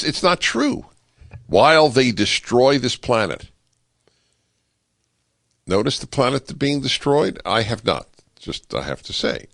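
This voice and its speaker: A male talk radio host with a gravelly edge to his voice, swinging his pitch up and down as he picks apart what he hears. His delivery is sarcastic and full of wry asides. The sound is dry and close, from a studio microphone with no room around it. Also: a bit bright, no room sound. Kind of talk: political commentary monologue.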